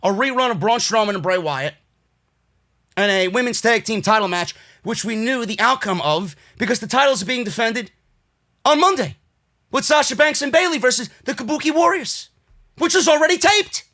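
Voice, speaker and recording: A man with a New York accent ranting furiously and profanely as he reviews a wrestling show, swinging between shouting and tired grumbling. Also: extremely high pitch, lively intonation, moderate pace.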